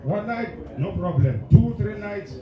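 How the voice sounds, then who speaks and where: A man doing stand-up crowd work, with loud shouted bursts in between. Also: sits high, expressive, a little slow, lo-fi sound. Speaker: stand-up comedian. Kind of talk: stand-up comedy set. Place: comedy club stage. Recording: roomy live venue, mic at distance, audience. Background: laughing audience.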